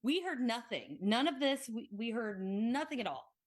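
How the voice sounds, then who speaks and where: Excitable rambling woman podcast host. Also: a little high, normal speed. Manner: rambling, excitable, swears casually. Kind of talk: casual conversational storytelling.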